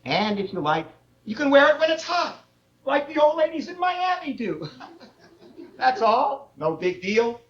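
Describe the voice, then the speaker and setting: A woman playing a gentle, fussy older father who keeps trying to calm everyone on stage. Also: a little slow. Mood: soothing. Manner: coaxing, lively pitch swings. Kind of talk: stage play acting. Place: theater stage. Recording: dull lo-fi roomy stage recording.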